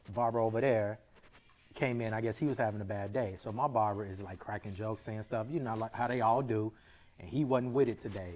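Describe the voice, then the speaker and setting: A man co-hosting a casual chat, telling a story in a relaxed way with quoted asides. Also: on the low side, brisk. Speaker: podcast co-host.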